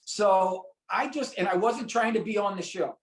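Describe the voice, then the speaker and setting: A man's voice: high-pitched, moderate pace. A man from St. Louis telling a personal story as an interview guest, acting out the voices of people he quotes. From St. Louis, USA. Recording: roomy echo.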